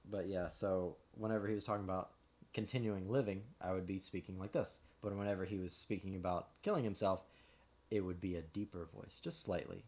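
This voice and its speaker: Rambling man with a lowish voice. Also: a little mellow. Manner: rambling, with many fillers and restarts; chuckles between thoughts. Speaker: streamer building model kits. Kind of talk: casual chat while building.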